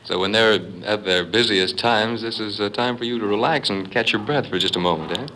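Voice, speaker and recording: Deep-voiced male reporter, crisp bright timbre, friendly questions. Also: fairly quick, slight background noise, poor audio. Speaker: interviewer. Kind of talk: broadcast interview.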